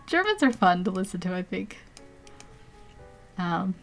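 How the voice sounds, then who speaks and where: A woman's voice: lowish voice, very animated, takes it slowly, long pauses, faint music behind. A woman with an American accent, an artist live-streaming as she draws, chatting casually and laughing often as she answers viewers. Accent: General American. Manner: giggly, laughs often between phrases; chatty, self-deprecating, reads and answers chat. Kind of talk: casual live-stream chat while drawing.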